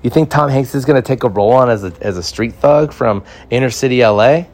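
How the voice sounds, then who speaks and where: A man's voice: medium pitch, quick pace. A man from Mexico hosting a comedy podcast, rambling and joking as he tells stories. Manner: rambling, joking, animated storytelling. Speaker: podcast host. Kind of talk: casual comedy chat.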